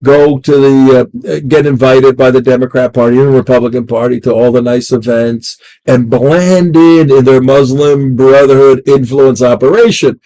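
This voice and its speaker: A man's voice: mid-range voice, fairly even intonation, moderate pace, few pauses, dark tone, poor audio. A man hosting a casual panel talk, speaking with emphasis and repeating his key points. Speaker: host.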